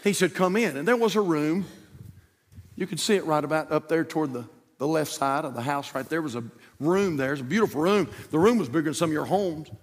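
A male pastor preaching a sermon in a church, telling a story that swings from loud, shouted peaks to hushed, quiet lines. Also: a little high, brisk. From United States. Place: church sanctuary. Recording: long church reverb.

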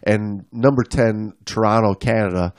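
A man's voice: on the low side, fairly even intonation, moderate pace, a little mellow, no echo. Joking man co-hosting a podcast, dry sound. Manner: joking, rambling recaps with fillers. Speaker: podcast co-host. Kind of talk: casual banter.

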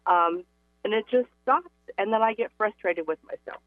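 A woman's voice: medium pitch, moderate pace, dry recording. A woman calling in for coaching who talks hesitantly and with self-criticism. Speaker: caller. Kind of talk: coaching call conversation. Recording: tinny phone line.

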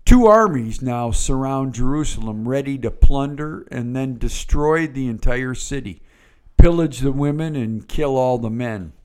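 Slow-speaking male preacher. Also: mid-range voice. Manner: slow, storytelling delivery with playful asides. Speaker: pastor. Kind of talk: sermon.

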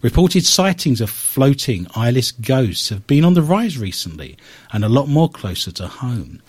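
A man's voice: mid-range voice, moderate pace, husky. A man hosting a radio talk show, telling stories and reading the news with wry asides. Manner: animated storyteller with wry asides.

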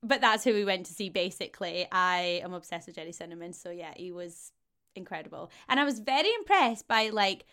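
A woman's voice: lowish voice, lively intonation, fairly quick, a bit bright, smooth. A woman in her thirties with a Glaswegian Scottish accent, chatting casually as a podcast guest, laughing often and full of fillers. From Glasgow, Scotland. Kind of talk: casual chat.

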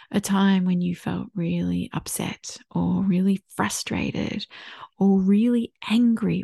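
Gentle gravelly-voiced woman podcaster. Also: fairly low pitch, no echo, studio quality. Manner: gentle, reflective, invites listener to imagine. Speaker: podcast host. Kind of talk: solo podcast talk on parenting.

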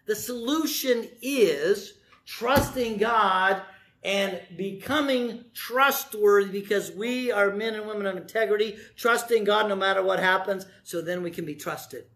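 A man's voice: high-pitched, a little slow, a bit bright. A man pastor preaching a conversational sermon, telling a story with asides and asking the congregation questions.

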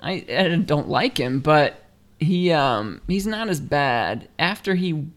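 A man in casual sports chat on a podcast, opinionated and quick to laugh. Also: fairly high pitch, lively intonation. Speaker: podcast guest.

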